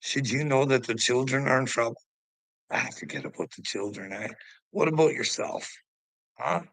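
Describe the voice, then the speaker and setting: A man's voice: mid-range voice, moderate pace, creaky, fairly bright tone, no echo, low-quality recording. A man livestreaming to his chat, ranting in a profane, confrontational, goading way.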